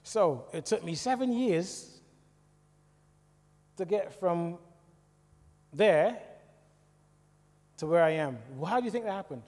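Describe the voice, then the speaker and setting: A middle-aged man with a British English accent giving a personal testimony talk in a church, telling his story in a lively way and asking the audience questions. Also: sits high, slow, pauses often. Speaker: church speaker. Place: church hall. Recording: echoey church hall reverb.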